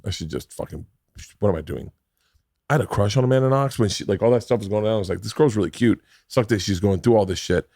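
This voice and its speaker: A middle-aged man hosts a loose podcast conversation, rambling from one story to the next with a lot of casual swearing. His voice sits low and is recorded close and dry, with no room sound around it. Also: quick pace, mellow, no room sound. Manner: rambling, profane, talks over others. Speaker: podcast host. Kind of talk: casual chat.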